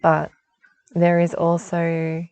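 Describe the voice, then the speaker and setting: Gravelly low-voiced woman, laughing as she talks. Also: monotone, takes it slowly, darkish tone, no echo, rough recording. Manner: chatty, laughs often, reassuring. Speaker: spiritual guidance reader. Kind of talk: casual spiritual forecast talk. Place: outdoors.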